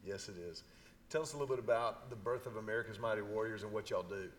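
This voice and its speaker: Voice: medium pitch, fast, slight background noise. An interview host giving short affirmations and asking the guest to continue.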